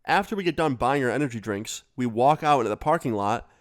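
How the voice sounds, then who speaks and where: A man telling a storytime vlog story in a casual, profane, animated way. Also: mid-range voice, quick pace. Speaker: storyteller vlogger.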